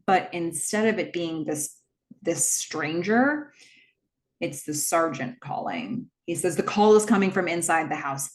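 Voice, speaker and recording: Woman, lowish voice, chatty movie recap, hushed quoted lines, casual. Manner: chatty, retells scenes with hushed quoted dialogue. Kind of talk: casual film recap narration.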